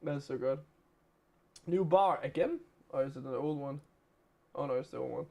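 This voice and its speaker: A man's voice: medium pitch, moderate pace, creaky, darkish tone. A young man with a Danish accent, hosting a live game stream in casual, chatty talk and laughing often.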